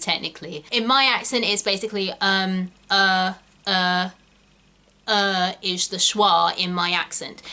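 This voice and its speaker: Bright-voiced chatty British woman. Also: mid-range voice. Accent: British English, non-rhotic. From Britain. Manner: chatty, goes off on tangents, corrects herself. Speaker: actor teaching accents. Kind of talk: casual video lesson.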